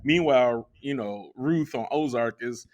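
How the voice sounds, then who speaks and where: A man's voice: mid-range voice, measured pace, darkish tone. A man co-hosting a podcast in casual chat, rambling and often trailing off to restart a thought. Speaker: podcast co-host.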